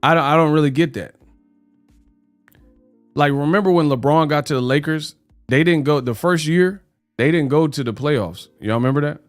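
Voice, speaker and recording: A man's voice: fairly high pitch, moderate pace, pauses often, no room sound, soft background music. A man hosting a live boxing talk stream in loose, slangy, joking chat, drifting into mock British voices. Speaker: host. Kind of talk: casual livestream chat.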